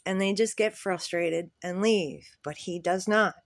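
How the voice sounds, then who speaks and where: A man's voice: high-pitched, steady tone, a little slow, no echo, studio quality. A man who sells at a flea market, telling a story in a candid, rambling way with swearing and nervous laughs. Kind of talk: casual storytelling monologue.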